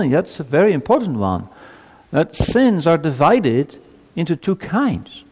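A male pastor delivers a sermon in a church, and his voice rises and falls widely. He presses his points with emphatic rhetorical questions, and a long reverb trails each phrase. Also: slightly rough. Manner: preaching with lively pitch swings and emphatic rhetorical questions.

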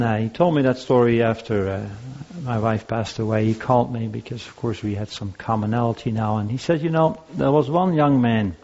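A man's voice: mid-range voice, a little mellow. Older male pastor, lo-fi sermon. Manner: conversational, anecdotal, with frequent restarts. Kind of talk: sermon on grief and listening. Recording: dull lo-fi recording.

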